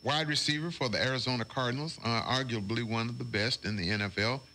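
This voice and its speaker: A man's voice: medium pitch, fast talker, pushed and bright, slight background noise. A man hosting a morning radio show, chatting casually and reading station IDs and celebrity birthdays. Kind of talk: casual on-air banter.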